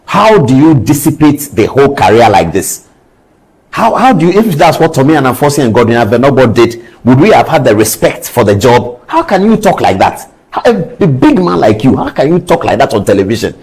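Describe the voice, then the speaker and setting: A man's voice: medium pitch, big pitch swings, fairly quick, a little mellow, breathy edge, rough recording. A man with a Ghanaian accent gives impassioned commentary, firing off indignant rhetorical questions. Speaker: news commentator.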